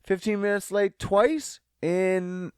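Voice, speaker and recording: A man's voice: high voice, slow pace, clear, resonant tone, dry recording, studio quality. A young man hosting a comedy podcast on his own, rambling, swearing and poking fun at himself. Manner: profane, rambling, self-mocking. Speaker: podcast host. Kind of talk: solo comedic podcast rant.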